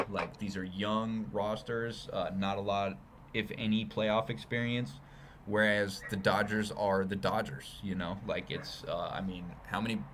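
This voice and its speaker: Male co-host, lowish voice, deadpan humor, slight background hiss. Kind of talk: casual sports chat.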